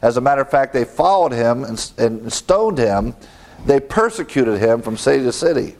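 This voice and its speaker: A man's voice: medium pitch, expressive, normal speed, darkish tone. A man preaching an expository sermon with an earnest teaching tone, quoting scripture and asking rhetorical questions.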